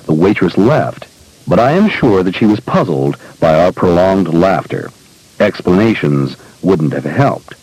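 A man reading a personal essay aloud in a measured, deliberate storytelling manner. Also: deep voice, darkish tone, breathy edge, dry recording, low-quality recording. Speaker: speaker recounting personal experiences.

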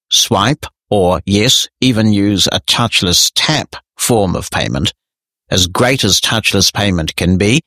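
A man with a New Zealand accent hosting a tech podcast, presenting briskly and wryly and reading listener mail aloud. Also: fairly low pitch, a bit bright, dry recording, studio quality. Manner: brisk, wry and conversational. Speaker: podcast host. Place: office.

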